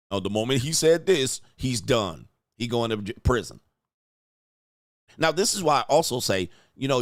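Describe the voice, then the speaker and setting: A man's voice: medium pitch, no echo, studio quality. A man commenting bluntly and crudely on a video clip while streaming, laughing often.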